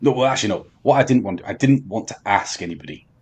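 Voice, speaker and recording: A man telling a long story on a podcast, halting with many ums and restarts. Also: on the low side, expressive, darkish tone, breathy edge. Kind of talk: casual storytelling chat.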